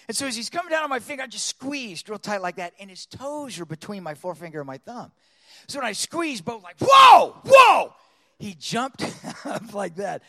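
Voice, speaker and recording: A man telling a lively personal story to an audience, preacher style, acting out his own thoughts and voices. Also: high voice, big-room sound. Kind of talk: storytelling sermon.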